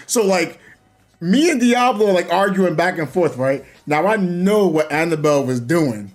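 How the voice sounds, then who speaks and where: A man's voice: sits high, lively intonation, moderate pace, faint music behind. A young man, chatting casually and animatedly about online gaming, laughing often and using slang. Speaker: gaming streamer. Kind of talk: casual chat.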